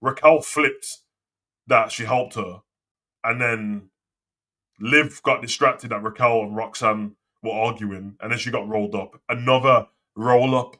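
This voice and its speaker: Ranting man, bright sharp voice. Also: mid-range voice, steady tone, measured pace. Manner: swearing, ranting, slangy. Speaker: wrestling show host. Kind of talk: casual live commentary and rant.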